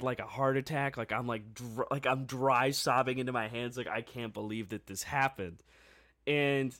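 A man co-hosting a casual sports podcast, telling what happened in a game in an excitable, rambling way. His voice sits at a middle pitch. The sound is dry and close. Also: no echo. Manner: excitable, rapid storytelling with many fillers.

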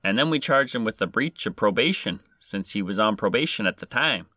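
A man's voice: on the low side, animated, fairly quick, sharp tone, no room sound, studio quality. A man voicing a polite Canadian male police constable with a Canadian accent, earnest and matter-of-fact.

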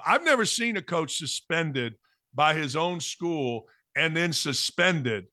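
A man's voice: a little high, bright, forceful tone, no room sound, studio quality. A middle-aged man and former coach hosting a sports talk show, brash, blunt and sarcastic in his opinions.

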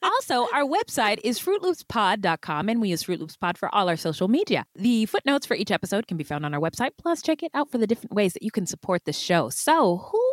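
A woman's voice: mid-range voice, sing-song, fast talker, hardly any pauses, no room sound, studio quality. A woman co-hosting a true crime podcast, chatting casually, rambling and laughing often. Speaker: podcast co-host. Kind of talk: casual chat.

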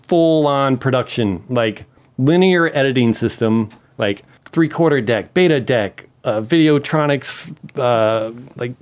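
A man's voice: mid-range voice, a little slow. Casual man telling a story. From Memphis. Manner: animated, acts out quotes, swears. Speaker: podcast guest.

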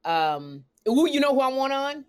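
A woman hosting a live talk show, chatting in an animated, gushing way. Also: sits high, normal speed, smooth. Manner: animated, gushing, laughs and sings snatches. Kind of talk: lively live show chat.

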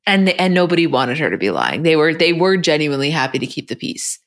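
A woman's voice: sits low, big pitch swings, quick pace. A woman co-hosting a podcast, bluntly retelling a reality show episode in casual chat. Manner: retells scenes quoting the cast, blunt. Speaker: podcast co-host.

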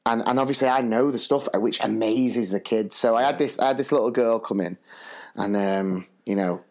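A man co-hosting a podcast, telling stories in a chatty, slangy, animated way. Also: medium pitch, normal speed. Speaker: podcast co-host and primary school teacher. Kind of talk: casual storytelling chat.

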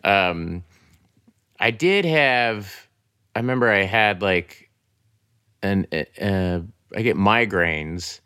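Here is a man from Oklahoma chatting easily as a guest, scattering "you know" and "like" through his sentences. His voice is very low and deep, and it comes across clean and smooth. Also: drawn-out words, pauses often, dry recording, clean studio sound. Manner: relaxed, full of fillers like "you know" and "like". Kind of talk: casual interview conversation.

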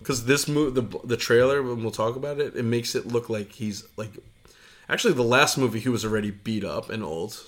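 A man's voice: mid-range voice, a little fast. This is a man chatting casually as a podcast co-host while under the weather, his voice wearing thin. His talk rambles along, salted with swearing and frequent laughter. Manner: rambling, profane, laughs often. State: unwell, voice giving out.

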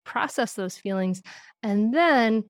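Brief middle-aged woman, lively storyteller with frequent laughs, dry close mic. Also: a little high, slow, dry recording. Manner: animated storytelling, laughs often. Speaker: podcast guest, parenting author. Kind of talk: conversational interview.

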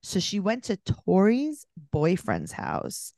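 A woman's voice: medium pitch, slow pace, dry recording, clean studio sound. A woman co-hosting a podcast, recapping a reality show in casual chat and acting out the people she quotes. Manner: animated, mimics people in quoted voices. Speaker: podcast co-host.

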